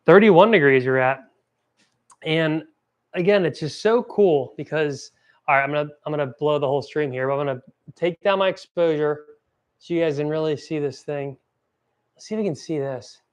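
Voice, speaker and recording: Young man, vlog host, casual product review, enthusiastic, rambling, self-correcting, slightly high voice. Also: moderate pace, clear, resonant tone, dull audio.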